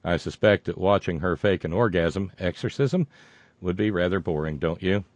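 A man's voice: low voice, moderate pace, a little mellow, dry recording. An older American man hosting a casual show, reading listener mail aloud with wry, digressive asides.

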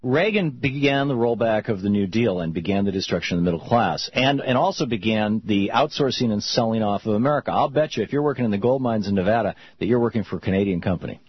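A man hosting a call-in radio talk show, talking in an animated, opinionated way with frequent restarts. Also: lowish voice, fast talker, few pauses, breathy edge, no room sound, muffled recording.

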